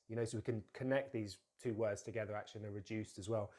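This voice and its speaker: Man teaching pronunciation, deliberate and clear. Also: lowish voice, dark tone. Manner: slow, deliberate modelling of words with drills to repeat; explains plainly with frequent fillers and restarts. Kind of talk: pronunciation lesson.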